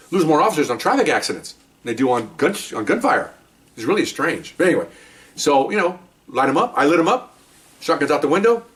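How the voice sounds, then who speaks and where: Fast-talking older ex-cop storyteller. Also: male voice, mid-range voice, far from the mic. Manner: animated, acts out shouted commands. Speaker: retired police officer telling stories. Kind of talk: casual storytelling monologue.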